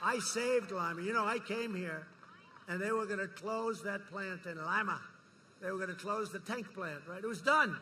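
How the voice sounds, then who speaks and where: Forceful boastful man at a rally. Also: sits high, moderate pace, slight background noise. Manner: boastful, repetitive, crowd-rousing. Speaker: politician speaking at a campaign rally. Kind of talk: campaign rally speech.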